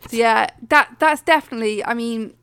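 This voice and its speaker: A woman's voice: a little high, a little fast, a bit bright, smooth, no room sound, studio quality. A woman co-hosting a podcast, telling a story in a chatty, self-mocking way with lots of laughter. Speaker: podcast co-host. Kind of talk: casual chat.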